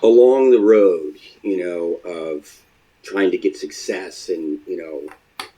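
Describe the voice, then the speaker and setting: Man, low husky voice, halting and reflective. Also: warm tone, poor audio. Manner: halting, hesitant, with many fillers. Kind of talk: reflective interview answers.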